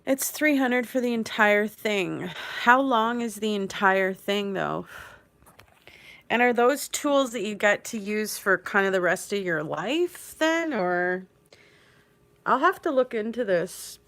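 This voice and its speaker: A woman talks slowly and unhurriedly with a gravelly, creaky edge as she chats live with viewers from her couch. She sounds tearful, rambling and emotional, laughing hard things off, picked up close on a headphone mic. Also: mid-range voice, animated, fairly bright tone. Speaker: livestream host. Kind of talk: casual live chat with viewers. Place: at home on a couch.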